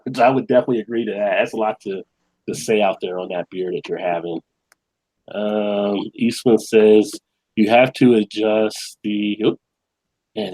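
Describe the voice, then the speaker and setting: A man's voice: lowish voice, a little mellow, husky, low-quality recording. A man hosting a casual beer live stream, chatting loosely, reading viewer comments aloud and laughing often. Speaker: beer channel host.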